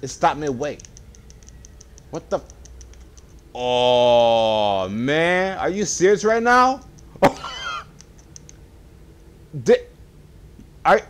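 A young man with a deep voice giving casual, excitable let's-play commentary, swearing and talking to his viewers as he plays. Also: a little hiss or hum. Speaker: gaming video creator.

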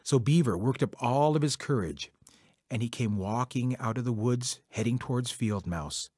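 A man's voice: mid-range voice, moderate pace, a little mellow, slightly rough, no room sound, clean studio sound. A man telling a traditional folk tale to children in a conversational way, speaking directly to his listeners. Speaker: storyteller. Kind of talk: oral folk storytelling for children.

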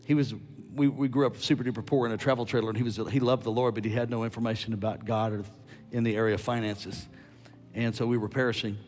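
A man preaching a sermon as a guest preacher, animated and loud at his peaks, with quick asides to the crowd. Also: mid-range voice.

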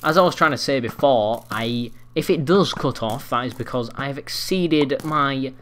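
A young man commentating his own game, rambling and swearing, breaking into angry yells. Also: mid-range voice, normal speed, a little hiss or hum. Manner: swears a lot, rambling, bursts into angry yelling. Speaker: gaming commentator. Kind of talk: live gameplay commentary. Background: faint keyboard clicks and typing.

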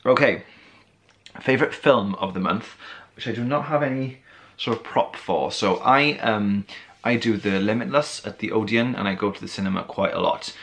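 A man's voice: on the low side, moderate pace, creaky, fairly bright tone. A man from Wales chatting casually in his bedroom for his vlog, rambling and friendly, a little tired and losing his voice. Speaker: vlogger. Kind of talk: casual chat.

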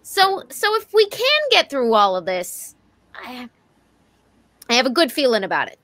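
A woman's voice: high-pitched, unhurried, no echo, heavily acted. A woman playing a blunt private-eye woman. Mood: gruff. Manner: blunt, gruff, animated. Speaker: player. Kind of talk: tabletop role-play.

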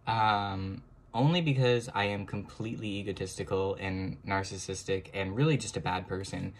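A young man chatting casually to viewers as he draws, self-mocking, now and then breaking into high excited exclamations. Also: moderate pace. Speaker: drawing vlogger. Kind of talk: casual chat while drawing.

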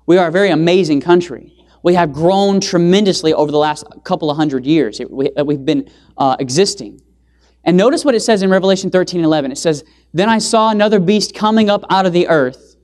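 A man delivers an impassioned sermon in a church setting. He keeps questioning his listeners, then answers himself, leaning hard on key words with sudden rises in pitch and loudness. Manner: emphatic, asks the audience rhetorical questions; swings pitch and loudness for emphasis. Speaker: evangelist preacher.

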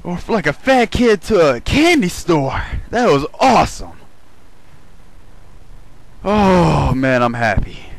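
Male gamer, live play commentary, excitable, cursing, unhurried delivery, high voice. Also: creaky, no echo, poor audio. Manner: swears freely, excitable.

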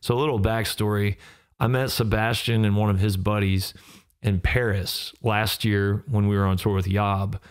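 Podcast host, man, thirties, lowish smooth voice, laid-back rambling delivery. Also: normal speed. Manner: relaxed, rambling, with frequent fillers and laughs. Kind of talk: casual solo podcast talk.

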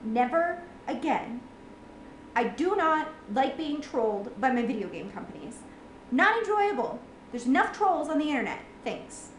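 A woman's voice: sits high, a little hiss or hum. A woman in a home room, venting in an exasperated, sarcastic rant full of swearing on a gaming reaction vlog. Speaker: gamer reacting to a game ending. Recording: echoey room.

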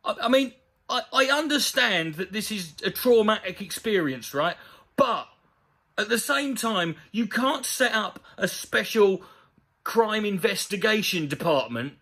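Guy ranting and swearing, sarcastic, high voice that swoops all over the place. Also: animated, a little slow, pushed and bright. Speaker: comedy commentator. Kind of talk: ranting comedic commentary on a news story.

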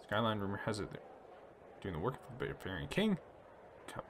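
A man hosting a relaxed let's play, reading story text aloud and chatting about his choices. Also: lowish voice, fairly quick, background noise. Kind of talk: casual gameplay commentary reading game text aloud.

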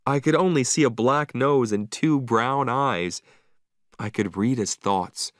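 Slow, expressive male narrator. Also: medium pitch, no echo, clean studio sound. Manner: slow, carefully enunciated, expressive. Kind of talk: scripted narration for English learners.

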